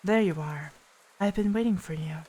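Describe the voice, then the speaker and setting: A woman voicing a calm, mysterious adult witch while reading a visual novel aloud, soft and formal. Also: on the low side, normal speed, husky. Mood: cool.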